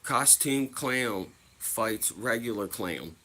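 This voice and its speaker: A man's voice: medium pitch, expressive, takes it slowly, sharp tone, slight background noise. A young man telling stories casually to his viewers, swearing freely and acting out other people's voices. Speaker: livestreamer.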